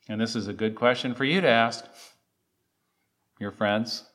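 A man's voice: medium pitch, fairly even intonation, a little slow, a bit bright. A man preaching a sermon, reciting scripture and asking the congregation emphatic questions. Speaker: pastor.

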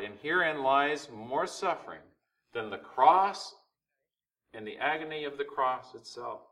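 A man preaching a sermon as pastor, swinging between loud emphasis and hushed, urgent rhetorical questions. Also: medium pitch, distant mic, low-quality recording. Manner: preaching with rising and falling intensity, rhetorical questions.

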